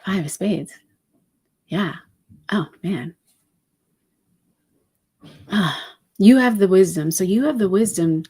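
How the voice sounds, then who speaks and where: A woman giving a spiritual channeling talk as a numerology reader, speaking in a meandering, reflective and unhurried way with many soft fillers. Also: medium pitch, animated, breathy edge.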